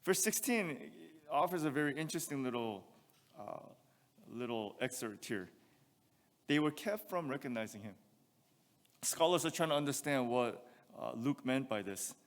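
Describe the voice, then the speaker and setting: A man's voice: medium pitch, animated, normal speed, in a large hall. A male pastor preaching a sermon, reading scripture aloud and asking rhetorical questions. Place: church sanctuary.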